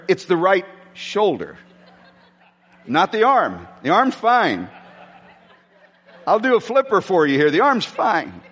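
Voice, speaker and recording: A male pastor preaches in a church hall, his fairly high voice leaping all over the place as he pokes fun at himself. He stumbles and restarts often, and long reverb trails behind him. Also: slightly rough. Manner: animated, self-mocking storytelling with many restarts. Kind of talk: sermon.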